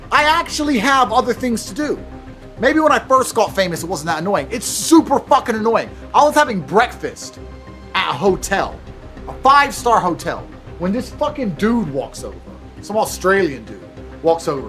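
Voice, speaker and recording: A man's voice: high-pitched, very animated, moderate pace, fairly bright tone. A man from England, telling a profane, blunt story and acting out both sides of each exchange. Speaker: motivational speaker. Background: faint music.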